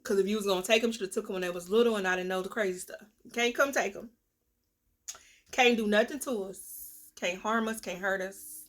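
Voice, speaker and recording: A young woman, venting bluntly and with profanity in a candid vlog, her voice swinging from loud to a low mutter, with a cough now and then. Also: a little fast. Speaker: vlogger, self-styled life coach. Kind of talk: candid talking-to-camera vlog.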